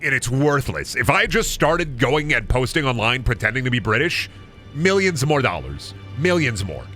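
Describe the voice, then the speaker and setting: A man's voice: mid-range voice, big pitch swings, moderate pace, pushed and bright, soft background music. A man from Iowa streaming a video game, chatting casually in a goofy, jokey way and reading out chat messages. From Iowa, USA.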